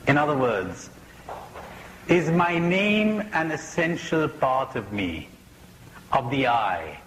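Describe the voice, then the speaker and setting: A man giving a spiritual talk, asking slow reflective questions and telling jokes. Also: medium pitch, very animated, a bit bright, reverberant, big-room sound, rough recording. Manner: storytelling with jokes, laughs at own punchlines. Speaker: spiritual teacher. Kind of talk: recorded public talk. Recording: faint hiss, 1980s talk recording.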